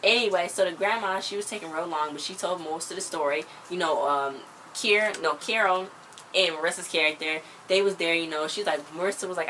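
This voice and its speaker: Woman, lowish voice, chatty episode recap, faint background hiss. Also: fast, bright, forceful tone. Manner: chatty, retells scenes with lots of "like" and "you know". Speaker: TV episode reviewer. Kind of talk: casual recap vlog.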